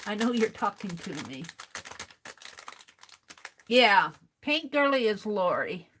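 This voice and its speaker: Woman, American accent, slow easy pace, talking to herself over craft supplies, light background noise. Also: mid-range voice, big pitch swings, pushed and bright. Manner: muttering to herself while sorting supplies. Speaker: craft livestream host. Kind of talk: casual crafting livestream chat.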